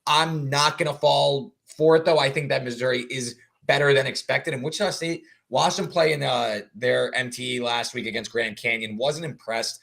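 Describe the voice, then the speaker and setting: A man's voice: medium pitch, steady tone, moderate pace, vocal fry, hardly any pauses, a bit bright. Male betting analyst, mid-range voice, casual, walks through stats. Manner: talks through stats and numbers at length with many fillers. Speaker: sports betting analyst co-host. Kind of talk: casual betting podcast chat.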